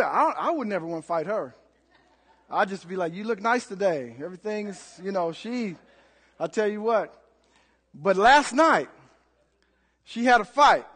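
A man's voice: high-pitched, a bit bright, long reverb tail. A man preaching a sermon as a pastor, emphatic and rousing, calling out to the congregation in a church. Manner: emphatic, call-and-response exhortation.

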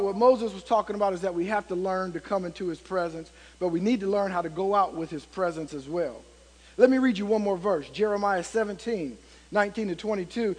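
A man's voice: sits high, moderate pace, husky. A man preaching a sermon as pastor, telling stories and reading scripture with rising emphasis and frequent fillers. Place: church sanctuary. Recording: long reverb of a church hall.

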